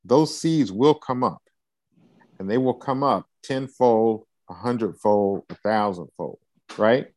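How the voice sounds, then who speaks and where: Encouraging male life coach, low voice. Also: slow, a little mellow, dry recording. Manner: encouraging, preacher-like, peppers talk with "right?". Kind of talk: coaching session interview.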